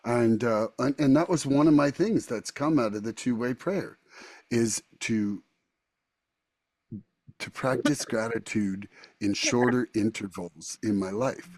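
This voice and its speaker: A man's voice: medium pitch, a little slow, dry recording. Man, podcast host, rambling casual talk, dry close sound. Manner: rambling, animated storyteller. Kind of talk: casual recovery podcast chat.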